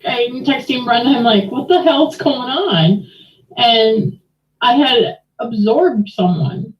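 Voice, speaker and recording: A woman in a class tells her story quietly and slowly, with a casual curse now and then. The recording is dull and muffled. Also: mid-range voice, echoey room. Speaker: student in the class.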